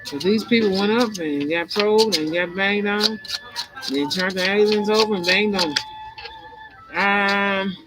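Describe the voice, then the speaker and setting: A woman hosts a spiritual vlog in a loose, meandering monologue full of conspiracy talk and stray laughs. Her voice sits at a middling pitch. Music plays clearly behind her. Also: measured pace, poor audio. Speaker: tarot and spiritual channel host. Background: music playing.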